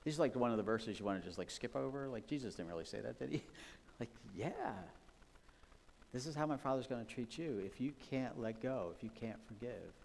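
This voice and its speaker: A man's voice: medium pitch, lively intonation, a little fast, gravelly, a little mellow, a little hiss or hum. A man preaching a sermon in a conversational, personal way, with many asides and rhetorical questions. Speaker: pastor. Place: church sanctuary. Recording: long church reverb.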